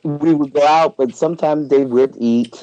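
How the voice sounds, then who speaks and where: A man's voice: a little high, moderate pace, dark tone, muffled recording. A man hosting a casual podcast chat, rambling with many restarts and frequent laughter. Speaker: podcast host.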